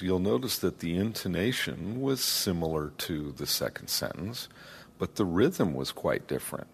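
A man giving a lesson on speech, speaking slowly and deliberately. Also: low voice, gravelly, a little hiss or hum. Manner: slow, deliberate, demonstrates voice placement. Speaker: accent teacher. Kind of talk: lecture.

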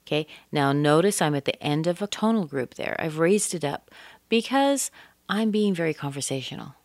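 A woman teaching English pronunciation, modelling stress and intonation slowly and deliberately. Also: deep voice, lively intonation, darkish tone, no echo.

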